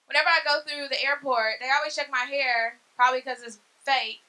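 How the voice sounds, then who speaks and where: A woman in her thirties doing a stand-up comedy set on a club stage, brash and profane with loud punchlines. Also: high-pitched, steady tone, fairly quick. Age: 30s. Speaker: stand-up comic.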